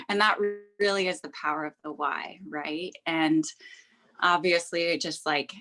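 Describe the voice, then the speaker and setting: A young woman speaking on a live call, teary and on the verge of tears. Her voice sits a little lower than most women's, and she talks in a heartfelt, effusive way, often stopping to laugh. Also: fairly even intonation, unhurried, sharp tone. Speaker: guest sharing a business success story. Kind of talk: casual emotional testimony.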